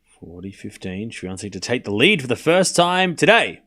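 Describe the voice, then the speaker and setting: A man's voice: mid-range voice, very animated, moderate pace, bright, forceful tone. A man livestreaming casual tennis play-by-play, calling scores and bantering animatedly with his chat.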